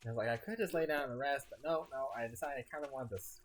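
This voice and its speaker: A man's voice: medium pitch, quick pace, slight background noise. A tired man streaming a game, rambling as he plays, often stumbling and restarting his sentences. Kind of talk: casual gameplay commentary.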